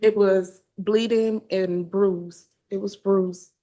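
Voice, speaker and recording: A woman testifying as a witness in court, answering briefly with hesitant pauses. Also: medium pitch, fairly even intonation, dark tone. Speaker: trial witness.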